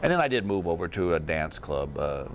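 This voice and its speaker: A man's voice: sits low, fairly quick, noisy background. A middle-aged man from Texas, a comedian telling stories in a casual interview and laughing through them. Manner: animated, laughs through his own stories. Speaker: comedian guest. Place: hotel room.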